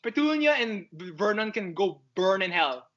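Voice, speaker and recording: Podcast guest, man, gushing fan who rambles fast, on a dull lo-fi mic. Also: high-pitched. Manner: excitable, rambling, fannish. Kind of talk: casual chat.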